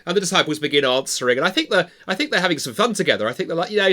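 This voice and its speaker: A man's voice: fairly high pitch, very fast, few pauses. A man, an evangelist and writer, telling stories animatedly as a podcast guest. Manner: animated storyteller. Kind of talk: casual conversation about comedy and faith.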